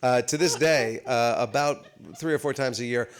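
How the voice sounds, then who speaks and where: A man in his fifties tells comic stories on a theater stage with a mid-range voice. He talks with plenty of ums and restarts. He sounds lively and animated. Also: medium pitch, moderate pace, clear, resonant tone. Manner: animated, comic anecdotes with many fillers. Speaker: guest actor at a live talk. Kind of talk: storytelling on stage. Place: theater stage before a live audience.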